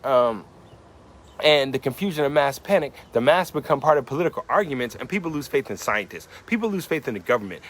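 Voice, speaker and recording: A man's voice: on the high side, expressive, fast, a bit bright, slight background noise. A man in his forties, a rapper explaining his lyrics in a reflective monologue, musing and asking many rhetorical questions. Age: 40s.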